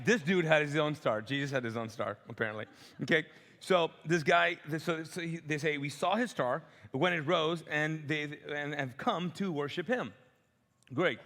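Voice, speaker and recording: A man's voice: fairly high pitch, pushed and bright. A middle-aged man from the Middle East, preaching a sermon as a pastor in a church auditorium, conversational and joking, acting out voices. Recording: long hall reverb.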